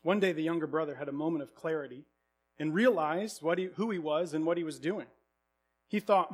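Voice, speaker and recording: A preacher telling a story to his listeners in a dramatic, expressive way. His voice is high for a man, and he leans into each moment of the tale. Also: normal speed, slight background noise. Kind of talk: sermon storytelling.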